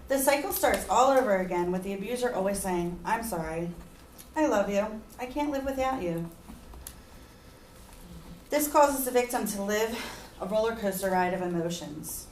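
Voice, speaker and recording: A woman's voice: medium pitch, darkish tone, reverberant. Woman giving a heartfelt speech, mic kinda far, faint room hiss. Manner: earnest, sometimes emotional. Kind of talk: persuasive speech.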